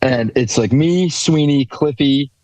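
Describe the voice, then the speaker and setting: A man's voice: medium pitch, takes it slowly, a little mellow, a little hiss or hum, poor audio. A young man on a podcast, telling a funny story with frequent laughs. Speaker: podcast co-host. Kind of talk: casual storytelling chat.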